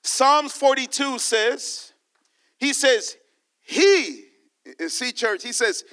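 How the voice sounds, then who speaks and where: A man's voice: very high-pitched, very slow, pushed and bright. A man preaching a sermon as pastor, repeating his points and calling out to the church.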